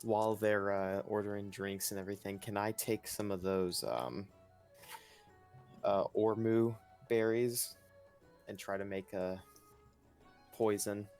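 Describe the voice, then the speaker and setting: A man with a somewhat low voice talks casually as a player at a tabletop game. He asks questions in a relaxed, unhurried way. Easy, conversational delivery. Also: clear, resonant tone, faint music behind.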